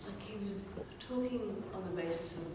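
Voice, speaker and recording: A woman's voice: mid-range voice, moderate pace, background noise. Hesitant woman asking from far off. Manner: hesitant, many fillers. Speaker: audience member asking a question. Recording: distant, echoey hall.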